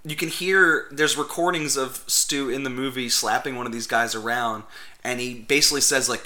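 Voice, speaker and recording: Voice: mid-range voice, moderate pace, sharp tone. A podcast co-host in casual chat, amused and analytical.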